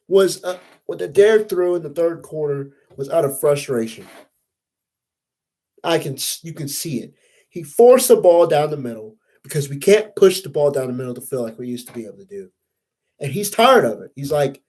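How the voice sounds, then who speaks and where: A man's voice: on the high side, lively intonation, normal speed, a little mellow, poor audio. A young man hosting a casual sports podcast, venting in a frustrated, profane, rambling way. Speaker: podcast host.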